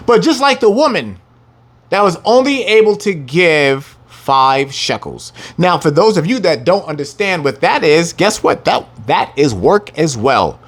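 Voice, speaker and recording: Brash, animated preaching man. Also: a little high. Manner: brash and profane, taunting the listeners; reads verses slowly with heavy emphasis. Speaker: scripture teacher. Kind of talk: scripture lesson sermon.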